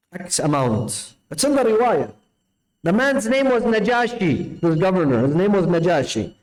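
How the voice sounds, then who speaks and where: High-voiced man preaching a sermon. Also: moderate pace, rough recording. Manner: animated storyteller, acts out dialogue with big pitch swings. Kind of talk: Ramadan night sermon storytelling.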